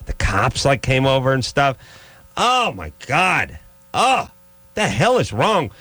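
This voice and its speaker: Exasperated, animated man ranting on radio. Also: takes it slowly, slightly rough, no room sound. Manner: profane, exasperated storytelling rant; punchy delivery, jumps into high mocking voices. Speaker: radio host. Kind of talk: comic ranting talk radio.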